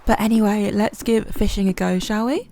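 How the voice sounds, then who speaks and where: A woman's voice: medium pitch, fairly even intonation, moderate pace, background noise. A woman giving chatty, self-deprecating commentary over her gameplay, with plenty of ums. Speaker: gaming channel host. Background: soft game music.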